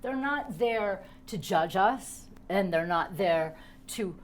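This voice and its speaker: A woman hosting a relaxed talk show, telling stories with emphatic energy and an easy, conversational flow. Her voice sits at a middle pitch, with a faint hiss of background noise. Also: slow pace. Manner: lively, emphatic storyteller who laughs often. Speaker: podcast host. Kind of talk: casual chat.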